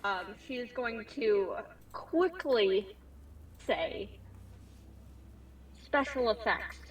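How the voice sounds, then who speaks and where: Slow lilting woman player, distant mic. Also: a little high, lively intonation. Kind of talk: tabletop role-play.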